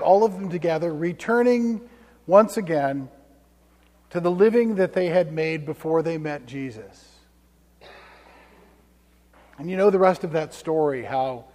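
A male pastor preaching a sermon in a church, telling the story conversationally and dropping to hushed tones for emphasis. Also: fairly high pitch. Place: church sanctuary. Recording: long church reverb.

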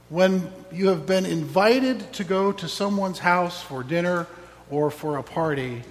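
A man's voice: high voice, big-room sound. A man preaching a sermon as pastor, reflective with wry asides.

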